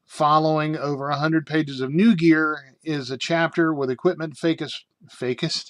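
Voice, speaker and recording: A man's voice: on the high side, steady tone, normal speed, fairly bright tone, no room sound. A middle-aged American man casually reviewing a tabletop game book, rambling with many fillers and joking asides. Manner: rambling, with frequent fillers and self-amused asides.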